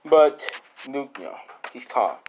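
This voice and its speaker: A man's voice: mid-range voice, sing-song, unhurried, a little mellow, slight background noise. A young man improvising a fan-fiction story, rambling and casual, swearing often and full of fillers.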